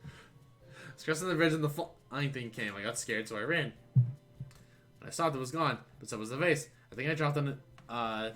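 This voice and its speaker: A man's voice: medium pitch, normal speed, long pauses, a bit bright, faint music behind, close to an everyday voice. A man voicing a timid, frightened young servant girl who speaks hesitantly.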